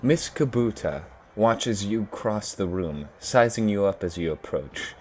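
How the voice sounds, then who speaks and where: A man's voice: lowish voice, lively intonation, measured pace, a little mellow, slight background noise. A man hosting a gaming video, chatting casually and reading game text aloud in a laid-back way. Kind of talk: casual let's play commentary and reading.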